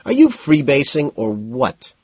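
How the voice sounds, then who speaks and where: A man's voice: mid-range voice, huge pitch swings, measured pace, darkish tone, slightly rough, no echo, pitched above the performer's own voice, heavily acted. A man voicing a bored, sneering rich young man who talks in a dry, scornful way, on a dull lo-fi recording. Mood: weary.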